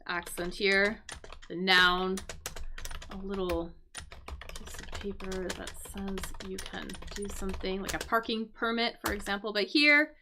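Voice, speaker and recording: A woman's voice: mid-range voice, steady tone, a little slow, noisy background. A woman teaching English on a live stream, thinking aloud and explaining words as she solves a crossword. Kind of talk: casual live-stream lesson.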